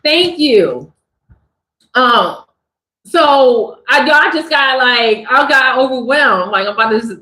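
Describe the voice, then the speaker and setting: Slow, chatty woman livestream host. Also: high voice, reverberant, low-quality recording. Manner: expressive, chatty, drawn-out delivery. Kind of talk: casual livestream chat.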